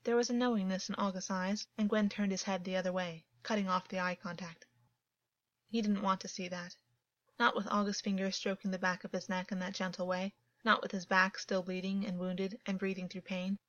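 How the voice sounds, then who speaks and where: Woman calmly narrating fiction, dull dry sound. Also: mid-range voice, brisk, dry recording. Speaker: audiobook narrator. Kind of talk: scripted narration.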